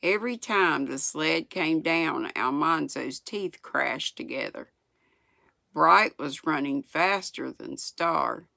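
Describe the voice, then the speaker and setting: A woman in her sixties from the United States, reading a children's book aloud in an unhurried way. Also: low-pitched, expressive, gravelly, bright, forceful tone, no echo. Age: 60s. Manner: unhurried, chuckles at the story. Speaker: storyteller.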